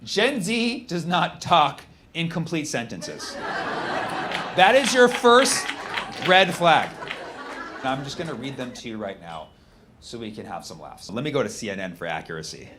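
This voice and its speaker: A male comedian on stage, his pitch leaping up and down as he jumps from dry deadpan reading to shouted punchlines. Clear background noise from the live venue sits under his voice throughout. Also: a little slow. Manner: animated, mocking, reads texts aloud in flat deadpan, shouts punchlines. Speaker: stand-up comedian. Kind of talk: stand-up comedy routine.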